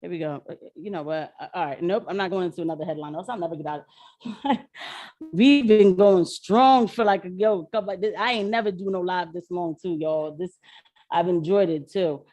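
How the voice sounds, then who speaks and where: A woman commenting on a live stream in casual slang, animated and laughing often. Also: lowish voice, fairly quick, dry recording.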